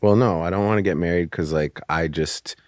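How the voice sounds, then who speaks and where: Guy guest on a podcast, deep-ish voice, kinda hesitant, dry close mic. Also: no room sound. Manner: hesitant, halting.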